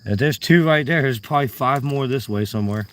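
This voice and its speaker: A man chatting to his viewers on a live vlog while walking a trail, his voice hoarse from yelling. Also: mid-range voice, brisk, slight background noise. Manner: chatty, talks to himself and viewers. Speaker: vlogger. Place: outdoor nature trail.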